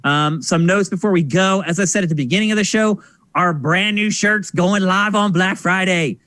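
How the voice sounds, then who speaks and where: High-pitched guy hosting a podcast, acts out people in his stories, dry sound. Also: normal speed, no echo. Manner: animated storyteller, acts out voices. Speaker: podcast host. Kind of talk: casual podcast chat.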